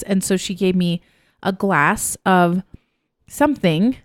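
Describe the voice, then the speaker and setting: A woman co-hosts a casual podcast, chatty and eager to tell a story. Her voice sits a bit low, and the sound is dry and close. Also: animated, slow pace, dry recording. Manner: chatty storyteller, acts out quotes. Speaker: podcast co-host. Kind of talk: casual chat.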